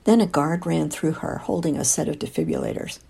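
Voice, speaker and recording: A woman's voice: low-pitched, brisk, vocal fry, mellow, husky. An older woman reading a first-person story aloud in a wry, confiding way, dropping into whispers at times. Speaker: audiobook narrator.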